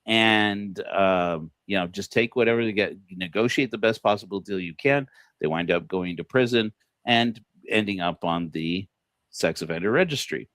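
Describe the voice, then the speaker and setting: A man with a low-pitched voice talks loosely on a livestream, piling up fillers and false starts and breaking into chuckles. The recording is dry and close, with no room sound around him. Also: moderate pace, fairly bright tone, dry recording. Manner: rambling, many fillers and restarts, chuckles often; quotes people in put-on voices. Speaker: podcast host. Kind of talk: casual livestream monologue.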